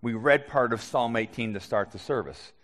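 A male pastor preaches a sermon in an easygoing, conversational way, lifting into animated bursts now and then. His voice sits at an ordinary pitch for a man. It rings out in a church sanctuary with a long, lingering reverb. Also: normal speed. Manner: conversational, animated at times, with restarts. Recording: long echo of a church hall.

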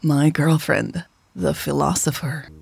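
A woman voicing a thoughtful young woman in sales, speaking in a low, measured way. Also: steady tone, creaky, darkish tone, breathy edge, soft background music, full character voice. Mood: wry.

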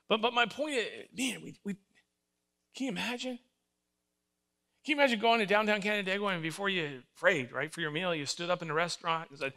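A man's voice: high voice, fairly quick, gravelly. An older man preaching a sermon, telling stories with emphasis and acting out voices. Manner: animated storytelling, acts out voices, emphatic. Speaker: pastor.

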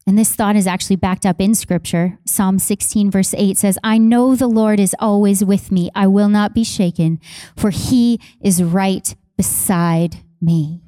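A woman's voice: medium pitch, fairly even intonation, measured pace, mellow, no room sound, clean studio sound. A woman pastor from Canada preaching a sermon, passionate and conversational, repeating key phrases for emphasis and speaking directly to her congregation. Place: church.

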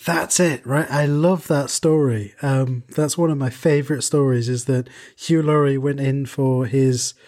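A man's voice: medium pitch, fairly even intonation, measured pace, few pauses, darkish tone. Rambling man telling a story. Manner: rambling storyteller with many fillers. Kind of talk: casual podcast chat.

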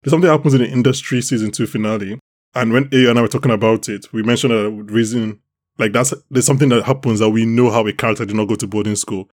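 A man from Nigeria hosting a casual recap podcast, ranting in an animated way and laughing often. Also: on the low side, fast talker. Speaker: podcast host. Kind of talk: casual chat, TV episode recap.

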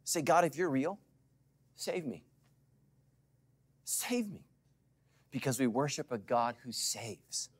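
Male pastor, middle-aged, mid-range voice; dynamic live sermon with loud peaks and quiet asides. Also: medium pitch, big pitch swings, slow, pauses often, breathy edge. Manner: dramatic swings from loud calls to hushed asides; preaching to a live congregation with call-and-response.

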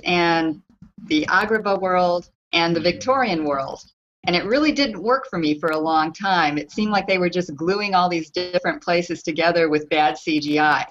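Lower-voiced measured woman panelist. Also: fairly bright tone. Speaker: podcast panelist. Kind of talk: casual group discussion. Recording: lo-fi with faint noise.

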